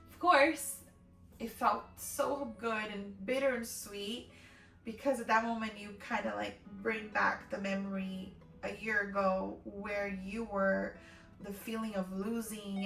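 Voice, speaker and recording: A woman's voice: fairly high pitch, vocal fry, fairly bright tone, recorded from a distance. Emotional woman sharing a faith testimony. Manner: emotional, acts out her own quoted words. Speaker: faith vlogger. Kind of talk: personal testimony storytelling. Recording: roomy echo, voice from off-mic, faint music.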